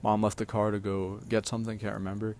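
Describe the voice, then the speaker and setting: A man's voice: fairly low pitch, little pitch movement, quick pace, darkish tone, a little hiss or hum. A man telling personal stories casually, hesitant and full of fillers and restarts. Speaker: storyteller. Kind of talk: casual storytime vlog.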